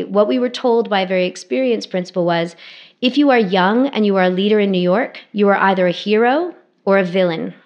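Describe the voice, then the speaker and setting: A woman around forty, an academic guest speaker, giving a public lecture to alumni with wry, self-deprecating humor in a brisk, conversational way. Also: mid-range voice. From Canada.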